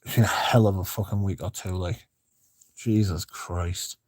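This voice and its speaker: A man's voice: deep voice, steady tone, quick pace, no echo, clean studio sound. A man hosting a casual livestream, reading out viewer comments and chatting in a rambling, laid-back way with the odd swear. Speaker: livestream host.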